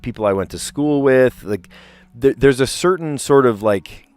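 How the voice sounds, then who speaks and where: A puzzle streamer from South Jersey chats casually on his live stream, rambling and often breaking off mid-sentence, with a light local accent. His medium-pitched voice moves at a normal pace and sounds clear, resonant and somewhat dark. There's no room sound.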